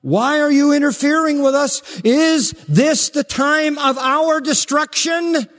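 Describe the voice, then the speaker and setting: A man voicing a panicked male demon, pleading in a high, shrieking voice. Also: slow, a bit bright, full character voice. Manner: high-pitched shrieking pleas. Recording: long hall reverb.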